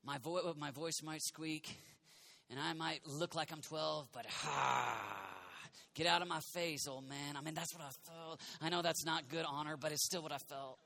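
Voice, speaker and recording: A young American man preaching a sermon with passion, shouting out lines and then dropping to a soft, confiding voice. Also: fairly high pitch, fairly even intonation, normal speed, gravelly, dry recording. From United States.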